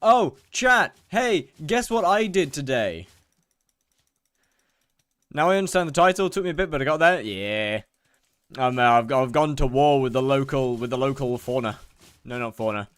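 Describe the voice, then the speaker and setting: A man's voice: mid-range voice, lively intonation, normal speed, pauses often, a bit bright, clear, resonant tone, no room sound. A young British man chatting casually on a live stream while gaming, rambling and mocking himself as he reads out chat.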